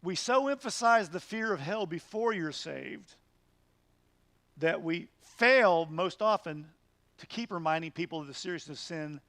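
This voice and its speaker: A pastor leads a midweek Bible study, earnest and emphatic, using rhetorical questions to push his message. His creaky, slightly bright voice sits fairly high for a man, and the audio is close-miked and dry with barely any reverb.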